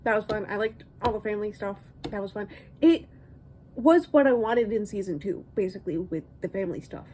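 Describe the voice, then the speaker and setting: Chatty young woman vlogging, mellow voice. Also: mid-range voice, a little fast, rough recording. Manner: rambling, frequent laughs and ums; animated, jumps between topics. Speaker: reading vlogger. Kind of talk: casual chat to camera.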